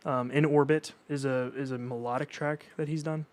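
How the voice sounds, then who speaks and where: A man's voice: mid-range voice, fairly even intonation, moderate pace, darkish tone. A young man streaming live, reacting to new music in a casual, enthusiastic way and chatting with his viewers.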